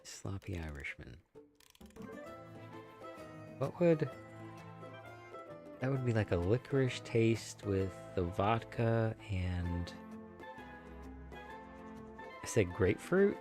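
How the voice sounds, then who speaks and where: A man's voice: fairly low pitch, animated, very slow, long pauses, music in the background. Rambling joking male streamer. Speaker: gaming streamer. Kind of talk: casual live-stream chat.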